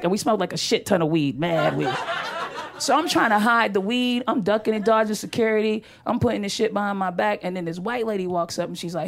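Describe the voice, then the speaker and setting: A woman's voice: medium pitch, vocal fry, background noise. A woman stand-up comedian performing a set, talking in a brash, profane, conversational way and landing punchlines.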